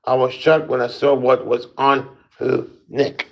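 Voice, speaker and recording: Male storyteller, mid-pitched, unhurried, halting read-aloud of a spooky tale with occasional stumbles. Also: little pitch movement, creaky, fairly bright tone, low-quality recording. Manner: halting reading with small slips and restarts. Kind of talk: first-person spooky story reading.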